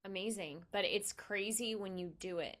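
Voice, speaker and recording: A woman's voice: mid-range voice, normal speed, fairly bright tone. A woman podcast host speaking earnestly and emphatically in a conversational interview, often restarting her sentences.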